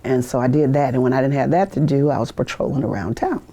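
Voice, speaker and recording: A woman's voice: very deep voice, fast talker, dark tone. An older woman in her sixties, a veteran, telling stories from her past in a recorded interview. She laughs often and acts out the people she quotes. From United States. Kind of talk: oral history interview. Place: university media studio.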